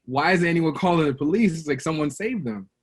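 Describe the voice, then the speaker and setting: This Brooklyn man in his thirties speaks with a fairly high, slightly rough voice at a brisk clip. He's a guest in a casual interview, animatedly telling childhood stories and acting out quotes in a raised voice.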